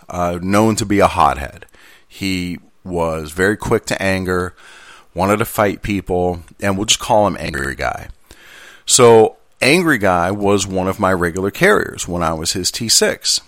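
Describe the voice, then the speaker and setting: A man's voice: deep voice, fairly bright tone, no echo, studio quality. A mail carrier, a man telling a story from his job in a casual, rambling, conversational way with self-deprecating asides.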